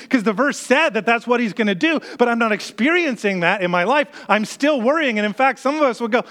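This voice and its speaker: An earnest man preaching a sermon in a high, light voice. He talks to the congregation conversationally and slips into the worried inner voices of his listeners. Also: quick pace, few pauses, a bit bright. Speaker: pastor.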